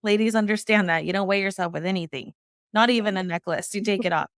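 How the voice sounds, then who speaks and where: Woman, middle-aged, interview guest, earnest storyteller, gravelly, dry sound. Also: medium pitch, quick pace, dry recording. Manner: earnest storytelling, acts out quoted dialogue. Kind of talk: personal story told in an interview.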